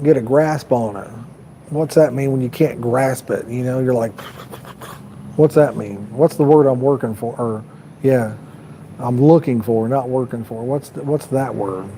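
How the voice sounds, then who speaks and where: Chatty fishing-stream host, mellow man. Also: medium pitch, a little slow, a little hiss or hum, rough recording. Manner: rambling, chatty, talks to viewers in the chat. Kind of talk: casual live-stream chat. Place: outdoors by a park pond.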